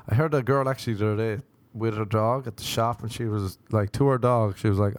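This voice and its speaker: A man's voice: lowish voice, brisk, hardly any pauses, dry recording. A young man, a comedian, rambling through crude, self-mocking stories in a casual solo podcast monologue.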